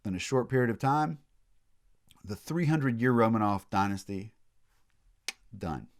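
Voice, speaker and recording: A man's voice: lowish voice, expressive, measured pace. A man giving a recorded college history lecture, telling it as a story with casual asides and frequent restarts.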